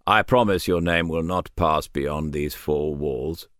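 A man's voice: extremely low pitch, takes it slowly, fairly bright tone, no room sound, exaggerated voice. A man voicing a shrewd, rotund male colonel in his sixties, putting dry, probing questions in an audiobook.

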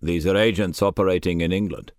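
A man's voice: sits low, steady tone, a little fast, darkish tone, no room sound. A man voicing a shrewd, rotund male colonel in his sixties, putting dry, probing questions in an audiobook.

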